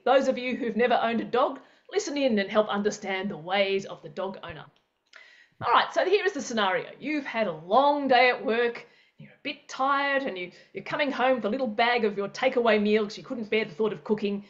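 A woman leads an online workshop, acting out scenarios with playful sound effects and an animated, lively delivery. Her voice sits a little high. The audio is dull and lo-fi, like a video call. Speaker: presenter. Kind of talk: interactive workshop teaching.

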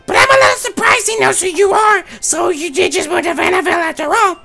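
Brief: perky, shrill girl next door, rushed and squeaky. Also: creaky, bright, forceful tone, soft background music, exaggerated voice. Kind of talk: let's play character voice.

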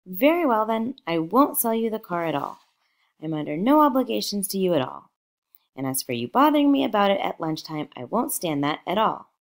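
A woman's voice: lowish voice, lively intonation, brisk. A woman reading a novel aloud, voicing a brash, overbearing wealthy man who blusters. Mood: annoyed.

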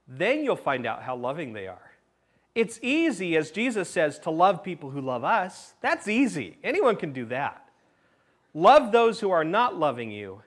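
A male pastor delivering a sermon in a church, his voice sitting a little higher than most men's. He preaches with lively swings between loud, emphatic questions and soft, close asides, and slips in playful jokes along the way. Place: church sanctuary.

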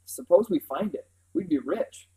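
A man voicing a bossy, sharp-tongued older boy who sounds scornful while he reads a novel aloud. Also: high voice, animated, moderate pace, poor audio. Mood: eager.

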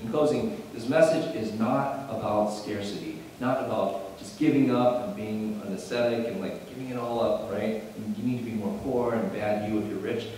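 A man preaching a sermon as pastor, animated and building to emphatic bursts, often restarting his phrases. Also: fairly low pitch, moderate pace, few pauses, a little hiss or hum. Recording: echoey hall, mic at a distance.

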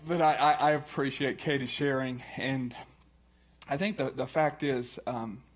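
A man speaking after his wife's testimony, halting with many restarts and fillers. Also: mid-range voice, steady tone. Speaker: church speaker, husband of the previous speaker. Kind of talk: casual talk before a sermon.

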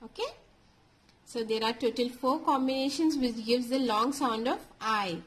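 Husky woman teaching phonics to kids. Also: on the high side, a bit bright. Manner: slow, clear, repetitive explaining. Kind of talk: phonics lesson for children.

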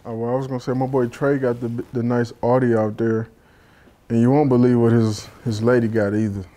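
A laid-back man in his thirties hosts a casual chat among friends. His voice is mellow and warm, and his pitch sits in the middle. He talks in easy slang and swears freely. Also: little pitch movement, fairly quick. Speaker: talk show host.

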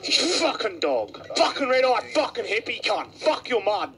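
A man's voice: very high-pitched, sing-song, moderate pace, a bit bright, slight background noise. A man, swearing angrily at other players while gaming. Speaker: gamer. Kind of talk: raging gameplay commentary.

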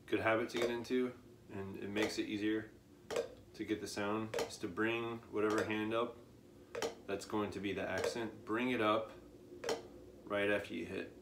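A man giving a casual drum lesson, speaking slowly and counting out beats as he plays. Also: lowish voice, noisy background. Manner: slow, relaxed, counts aloud while demonstrating. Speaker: drum teacher. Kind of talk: casual instructional demo. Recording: echoey room with loud kitchen clatter.

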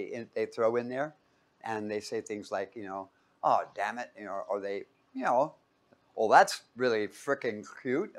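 A man from Los Angeles, giving a casual, joking sermon full of stories. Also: mid-range voice. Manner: chatty, joking storyteller. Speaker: preacher.

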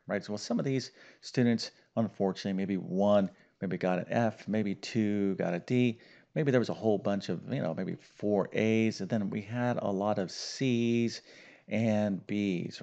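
A man's voice: lowish voice, vocal fry, darkish tone, lo-fi sound. A middle-aged man teaching a math lesson in an emphatic, upbeat way, full of "okay" and small fillers.

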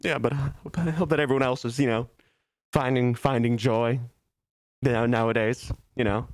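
A man's voice: medium pitch, steady tone, normal speed, no room sound, studio quality. A male streamer doing a mock-melancholy, self-pitying comic bit in casual stream chat, breaking into laughs, speaking from his office. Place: office, sitting on a beanbag.

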